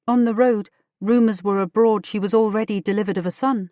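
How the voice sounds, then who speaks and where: A woman reads a first-person audiobook in a measured storytelling manner. Her voice is mid-pitched, recorded dry and close. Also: fairly even intonation, dark tone, dry recording. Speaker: audiobook narrator.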